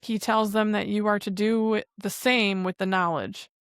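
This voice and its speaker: A woman's voice: medium pitch, steady tone, normal speed, clean tone, no echo, clean studio sound. A woman co-hosting a podcast, casually recapping a TV episode scene by scene in a chatty, rambling way. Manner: chatty retelling with frequent "and then" links. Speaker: podcast co-host.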